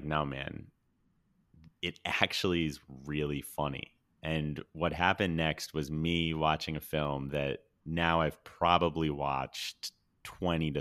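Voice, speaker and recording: A man's voice: a bass voice, a bit bright. A man hosting a podcast, chatting casually and enthusiastically about a comedy film, rambling and often correcting himself mid-sentence. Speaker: podcast host. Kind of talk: casual movie review chat.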